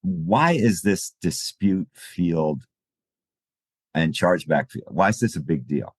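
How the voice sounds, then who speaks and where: A man with a very deep voice hosts the interview. He builds his questions in a stop-start way and repeats words. The sound is dry and close, with no room echo. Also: lively intonation, husky. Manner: halting, repeats words while forming questions. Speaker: podcast host.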